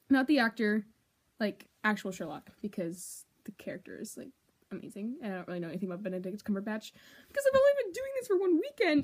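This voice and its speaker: Dramatic young woman, husky mellow voice. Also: fairly high pitch, expressive, a little fast. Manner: dramatic, swings between whining and whispering. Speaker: vlogger. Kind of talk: casual confessional vlog.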